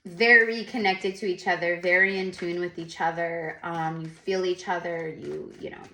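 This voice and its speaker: A woman's voice: lowish voice, normal speed. A woman giving a casual tarot reading, rambling and repeating herself as she channels. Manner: rambling, repetitive, animated asides. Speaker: tarot reader.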